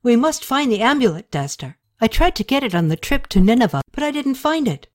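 A woman's voice: fairly high pitch, sing-song, a little fast, pitched above the performer's own voice. A woman reading the part of a proud, impatient queen who talks in a commanding way. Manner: commanding, exasperated.

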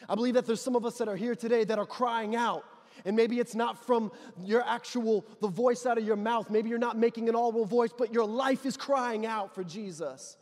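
A male pastor with a very high voice preaches with passion, stacking up repeated declarations and driving them home. His words ring out with a long reverb from a large church hall. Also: moderate pace. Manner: impassioned, builds to loud declarations with repeated phrases. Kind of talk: sermon.

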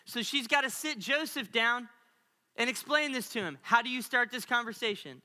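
A male pastor preaching a sermon with animated storytelling and playful asides. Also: very high voice, a little fast. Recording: long reverb of a large hall.

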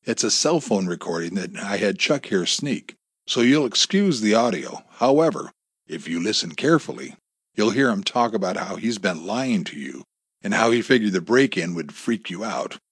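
A man's voice: lowish voice, animated, moderate pace, breathy edge, dry recording, clean studio sound. A man voicing a cruel, bossy male gunman who barks orders. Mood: smug. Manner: barking, bullying orders. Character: menacing armed male thug, bossy, cruel.

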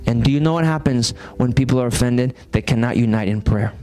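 A man's voice: mid-range voice, brisk, warm tone, faint music behind. A man, preaching a sermon as pastor and throwing rhetorical questions at his congregation. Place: church sanctuary.

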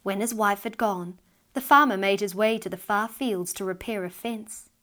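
A woman reads a fairy story aloud in a mid-pitched voice. Her telling is lively and expressive, rising in energy at the tense moments. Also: normal speed. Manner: lively, expressive reading that rises with tension. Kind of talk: storybook narration read aloud.

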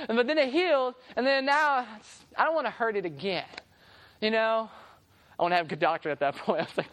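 A woman preacher tells her sermon as a lively story, slipping into characters and humorous asides. Her voice sits a little high for a woman. The delivery is conversational and playful. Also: fast.

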